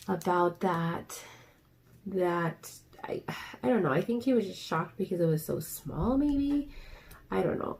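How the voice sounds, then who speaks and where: A woman's voice: medium pitch, vocal fry, a little mellow, slight background noise. A young adult woman chatting casually while she crafts, rambling and ranting with lots of fillers. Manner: rambling and ranty, many fillers. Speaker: craft vlogger. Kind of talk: casual chat while diamond painting.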